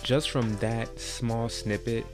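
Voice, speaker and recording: A man from the United States hosting a casual podcast, animated and joking, often loud and expressive. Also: mid-range voice, takes it slowly, music in the background. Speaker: podcast host. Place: indoor podcast setup.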